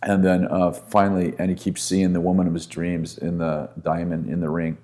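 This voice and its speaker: A man's voice: low voice, level tone, normal speed, warm tone. A man speaking as a guest minister on a podcast, telling a story earnestly and with conviction.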